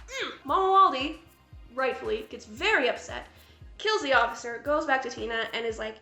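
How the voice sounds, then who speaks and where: A woman's voice: high voice, animated, moderate pace, pushed and bright. A woman reviewing a horror film in a gushing, chatty vlog style, full of fillers. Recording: echoey room with faint music.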